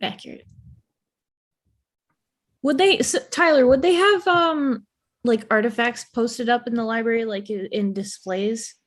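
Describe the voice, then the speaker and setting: Woman, tabletop player, playful, joking, somewhat high voice. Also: a little slow, long pauses. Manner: playful, laughing, self-deprecating asides. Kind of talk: casual tabletop game chat.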